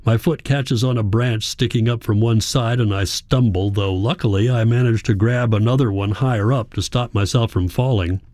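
A man reading a first-person novel aloud, quiet, measured and reflective. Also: on the low side, fairly even intonation, no room sound. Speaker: audiobook narrator. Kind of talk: first-person literary narration.

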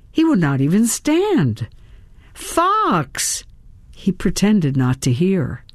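A woman narrates a memoir as an audiobook, letting her rather low voice rise and fall widely. She takes her time over each phrase. The recording is close and dry, with no room sound. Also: dry recording. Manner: expressive, with sudden lifts in pitch.

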